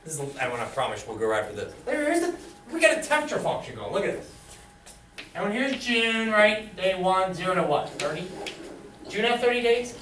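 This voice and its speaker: Lively male math teacher in echoey classroom. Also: high voice, fairly quick, recorded from a distance, slight background noise. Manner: lively, quizzes students, animated. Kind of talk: classroom lecture with questions to students. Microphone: camera far from the speaker.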